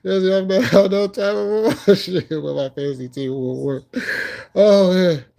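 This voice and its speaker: Giggly, mellow-voiced man streaming live. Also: high voice, measured pace, vocal fry. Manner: laughs constantly, loose and profane banter; repeats phrases, talks to chat viewers by name. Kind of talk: casual live stream chat.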